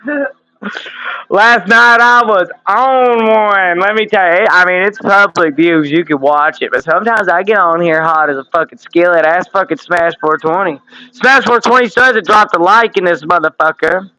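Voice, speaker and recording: Bright-voiced man in his thirties, streaming. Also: high-pitched, moderate pace, rough recording. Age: 30s. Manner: profane, laughing, loose banter. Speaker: livestream host. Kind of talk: casual livestream chat. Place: home room with window air conditioner.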